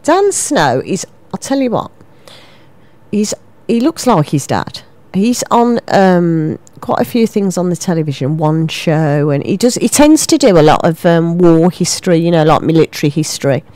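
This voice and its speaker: Chatty lively woman radio presenter. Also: on the low side, moderate pace, no room sound. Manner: lively, self-mocking, rambling. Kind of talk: chatty local radio banter. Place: small radio studio. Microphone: studio microphone.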